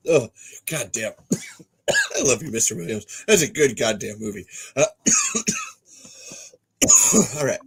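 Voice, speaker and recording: A man's voice: mid-range voice, huge pitch swings, slow, long pauses. A man hosting a podcast, rambling and swearing freely as he sets up and narrates a script read-through.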